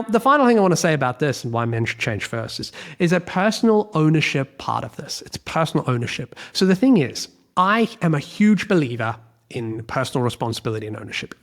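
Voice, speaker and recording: An Australian man hosting a solo podcast, talking bluntly and emphatically, swearing freely and repeating his key points. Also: fairly high pitch. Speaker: podcast host, relationship coach.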